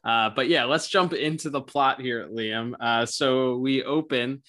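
A man's voice: medium pitch, unhurried, bright, forceful tone. A man co-hosting a podcast who rambles chattily and laughs easily. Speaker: podcast co-host. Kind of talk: casual podcast review chat.

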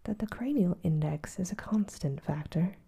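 A woman voicing a gruff, furious older male professor in a whispered role-play, growling and insulting. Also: fairly low pitch, expressive, moderate pace, mellow, exaggerated voice. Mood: scornful.

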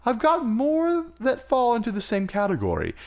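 A man's voice: huge pitch swings, normal speed, full character voice. A man putting on a silly spaceman voice to read a listener email aloud. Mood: goofy. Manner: sing-song, swooping pitch. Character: spaceman moon voice, adult man, goofy.

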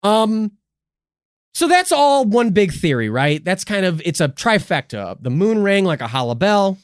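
This podcast host chats casually about conspiracies, spinning animated stories full of jokes and profanity. His high-pitched voice is clear and resonant at a measured pace, captured at studio quality with no echo.

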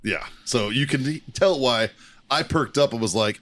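A man's voice: mid-range voice, animated, unhurried, fairly bright tone. A man hosting a podcast, telling a crude war story in casual chat, swearing and laughing a lot. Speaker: podcast host, Marine veteran.

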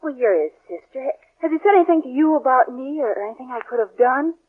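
An actress playing an anxious young woman in a 1940s radio commercial sketch, fretful and rapid. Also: high-pitched. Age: young adult. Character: anxious young woman worried about her boyfriend. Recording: tinny old radio broadcast.

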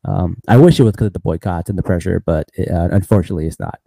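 This podcast host has a low, gravelly yet mellow voice and talks fast, and the recording is dry. His recap is casual and meandering, punctuated by frequent laughter and plenty of "bro."

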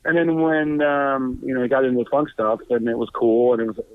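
A man who is a guest musician, telling stories casually, animated and halting, with restarts and swearing. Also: no room sound. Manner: animated, acts out quotes with raised pitch. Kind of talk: casual storytelling. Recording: tinny phone-like line.

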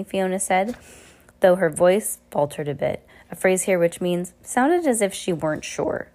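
A woman's voice: fairly low pitch, lively intonation, unhurried, a little mellow. A woman reading a novel aloud in an unpolished way, often stopping to correct herself. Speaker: reader.

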